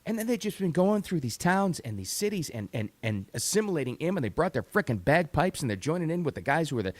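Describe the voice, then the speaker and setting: A man's voice: a little high, big pitch swings, fast, dry recording. A middle-aged man hosting a talk radio show, giving an emphatic, opinionated monologue that repeats words for stress.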